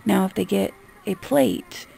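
A woman's voice: medium pitch, a little slow, vocal fry, dark tone. A woman vlogger in a casual, exasperated rant, talking bluntly and swearing freely. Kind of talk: casual ranting monologue.

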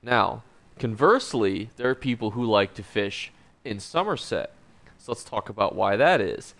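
A man's voice: on the low side, animated, normal speed, fairly bright tone. A man hosting a scripted video game guide, upbeat and joking, talking over gameplay. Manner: upbeat, joking, self-correcting. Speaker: gaming YouTuber.

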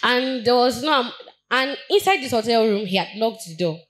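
A woman's voice: fairly high pitch, lively intonation, a bit bright, low-quality recording. Earnest young Nigerian woman testifying. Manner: earnest, halting with frequent restarts and repetitions. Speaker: church member giving testimony. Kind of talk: personal testimony at a Bible study.

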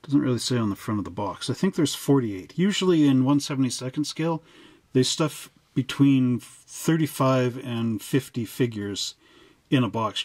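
A man's voice: mid-range voice, a little mellow, dry recording. Chatty man explaining hobby kits. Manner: chatty and digressive, with joking asides. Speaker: hobby channel host. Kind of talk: casual hobby explainer, showing model kits.

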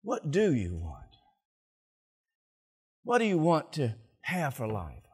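An older man, a pastor, preaching a sermon to his congregation with animated delivery and audience banter. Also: on the high side, slow pace, husky. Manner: animated, laughing, talking to the congregation.

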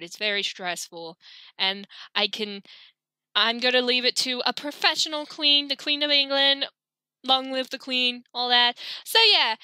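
Chatty woman with a bright, worn voice. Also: high voice, smooth, no room sound. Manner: chatty, playful and rambling. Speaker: gaming channel host. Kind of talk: casual outro to camera.

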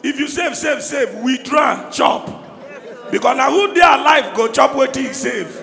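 Loud Nigerian Pidgin comedian in an echoey hall. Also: male voice, very high-pitched, lively intonation, normal speed, vocal fry. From Anambra State, Nigeria. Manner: loud, shouting punchlines in Pidgin. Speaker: stand-up comedian. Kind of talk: stand-up comedy. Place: live comedy show in a large hall. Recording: echoey hall, crowd noise. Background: crowd laughing and cheering.

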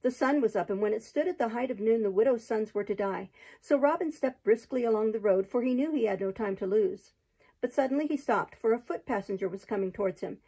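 Husky woman reading a storybook aloud. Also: a little high, poor audio. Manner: steady, even narration.

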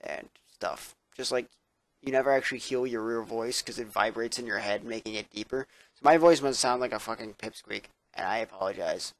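A young man rambles to his webcam late at night, tired and sarcastic, with plenty of swearing. His voice sits at an ordinary pitch. The sound is dry and close, with no room echo. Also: brisk. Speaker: vlogger. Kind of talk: casual rambling vlog. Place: indoors at his computer.

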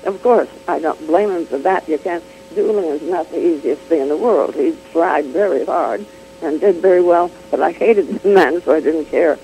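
An older woman chatting as an interview guest, telling an animated anecdote full of restarts, laughs and acted-out quotes. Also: sits low, normal speed, slight background noise, low-quality recording. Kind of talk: casual chat, telling an anecdote.

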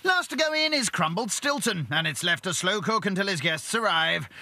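A man's voice: high voice, lively intonation, moderate pace, slight background noise. A man narrating a reality cooking show in scripted voice-over, with teasing, sarcastic quips. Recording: voice-over with loud music behind.

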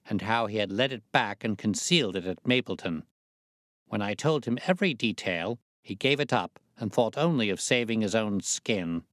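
Confident detective, crisp and faintly amused, low dry voice, read by a man. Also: fairly bright tone, no echo. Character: sharp, self-assured male detective.

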